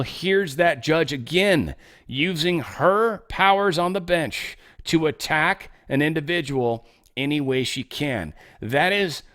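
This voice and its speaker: On his solo show, a male host reads excerpts from the news aloud and reacts casually and offhandedly, often drifting off into low, muttered asides. His voice has a slightly bright quality.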